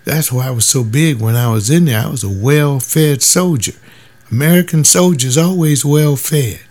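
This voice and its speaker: An older man who once served as a soldier shares his views in a casual, emphatic monologue, occasionally mimicking other people's voices. He speaks at a moderate pace with a medium-pitched, darkish voice.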